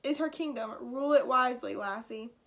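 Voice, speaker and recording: A woman's voice: fairly high pitch, fairly quick, fairly bright tone. A woman voicing a wise old Irish great-grandfather with an Irish accent in a storybook.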